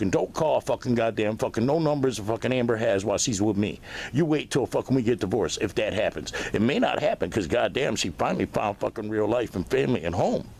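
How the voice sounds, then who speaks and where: A man's voice: medium pitch, creaky, darkish tone. A man delivering an aggressive, profane, insulting rant directly at someone he is angry with.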